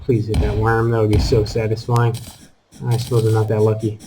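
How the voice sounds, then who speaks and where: A man giving casual commentary over his own gameplay, taunting enemies and breaking into high exclamations. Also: a little fast, noisy background. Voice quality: calls his own voice squeaky. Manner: animated, talks to enemies, jumps to high exclamations. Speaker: gaming channel host.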